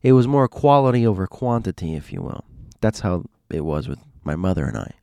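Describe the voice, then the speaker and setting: Male storyteller, low voice, rambling and animated, dry close recording. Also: brisk, gravelly, no room sound. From Miami. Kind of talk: casual storytelling monologue.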